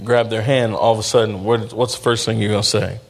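A man's voice: lowish voice, steady tone, fairly quick, creaky. A man preaching a sermon in a conversational way, calling on the congregation for responses and acting out the voices in his stories. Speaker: pastor.

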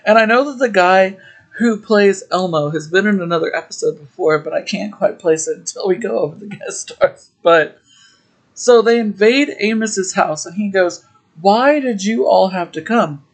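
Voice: mid-range voice, moderate pace. A podcast host casually recapping an episode, who laughs often and talks with plenty of fillers. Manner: laughs often while retelling; chatty, with frequent fillers.

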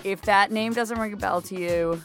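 A woman co-hosting a podcast, talking in an animated, mock-exasperated casual way. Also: mid-range voice, normal speed, soft background music. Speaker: podcast co-host. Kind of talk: casual chat.

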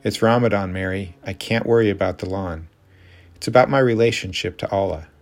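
A worn-out, cranky husband answers in short, curt bursts, read by a man. The voice is low and gravelly, with a snappish edge. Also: brisk, faint music behind. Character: tired, irritable fasting husband, adult man.

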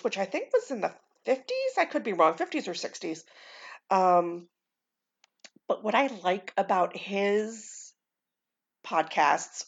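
An American woman chats loosely on her solo podcast, drifting from thought to thought, swearing offhandedly and filling pauses with ums. Her voice has a gravelly fry to it. The recording sounds dull and lo-fi. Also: medium pitch. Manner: rambling, casual swearing, frequent ums. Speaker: podcast host. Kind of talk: casual solo podcast chat.

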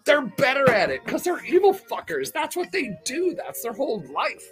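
A man's voice: very high-pitched, wildly swooping pitch, normal speed, fairly bright tone, soft background music. A man hosting a podcast, telling a rambling, profane story in casual chat and laughing often. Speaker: podcast host.

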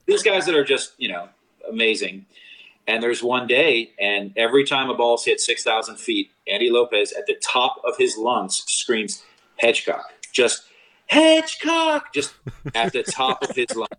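A man's voice: moderate pace, rough recording. A young man, a former college baseball catcher, telling stories in a casual chat and acting out the quotes with big jumps in his voice. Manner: animated storyteller, acts out quotes with big pitch jumps.

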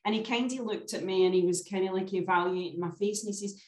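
A woman's voice: mid-range voice, fast, a little mellow. Chatty woman telling a story. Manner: chatty storyteller, often adds "do you know what I mean". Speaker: guest. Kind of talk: casual chat. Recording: roomy echo.

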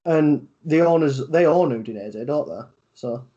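A man's voice: a little high, a little slow, warm tone, dull audio. A man with a Yorkshire accent co-hosting a casual football podcast, rambling with lots of fillers and free swearing. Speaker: podcast co-host.

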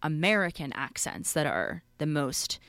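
A woman with a slightly low voice that swings lively up and down, chatting with enthusiasm. She quizzes her co-host and reads out lists. The sound is dry and close. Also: measured pace, smooth, no echo. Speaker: podcast co-host. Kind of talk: casual chat, reading out survey results.

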